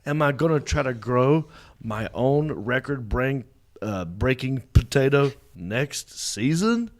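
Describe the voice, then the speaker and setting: Man, hoarse scratchy throat, comedy host, rambling jokey chat, middling pitch. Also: big pitch swings, takes it slowly. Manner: joking, rambling storyteller. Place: studio set with a small crew.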